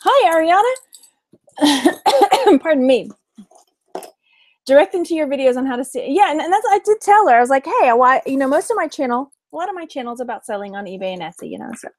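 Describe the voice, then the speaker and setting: Here the same kind of speaker sounds high-pitched, very animated and fairly quick: a Texan-accented woman in her thirties who resells and hosts vlogs. On her live stream she chats casually, giggles often and reads comments aloud, all in a dry recording.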